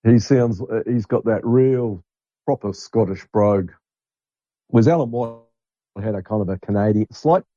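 A middle-aged podcast host delivers a blunt, rambling monologue, swearing freely. His voice sits on the low side with a dark tone and a slightly slow pace, captured in a dull, dry, lo-fi recording.

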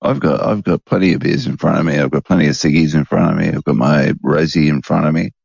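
A man's voice: rumbling low, fairly even intonation, quick pace, gravelly, darkish tone, slightly rough, dry recording, highs cut off. A man hosting a rambling, casual late-night chat at home, chuckling often. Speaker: podcast host.

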